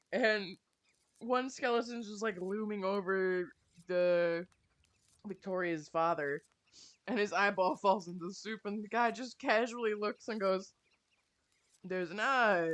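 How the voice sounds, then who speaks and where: Swearing, exasperated young woman ranting. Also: fairly low pitch. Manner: swears a lot, animated and exasperated. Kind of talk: casual rant while playing a game.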